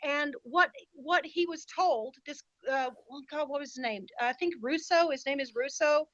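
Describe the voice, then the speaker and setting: Emphatic woman podcast guest with a high voice, dry and a bit lo-fi. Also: moderate pace, fairly bright tone, no room sound. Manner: emphatic and indignant. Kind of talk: casual podcast conversation.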